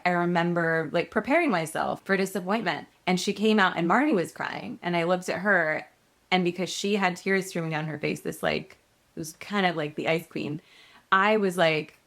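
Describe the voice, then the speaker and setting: A woman's voice: fairly low pitch, fairly quick. A woman in her thirties, a guest actress, telling a story casually in an interview and acting out the voices of the people in it. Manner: animated storyteller, acts out quoted voices.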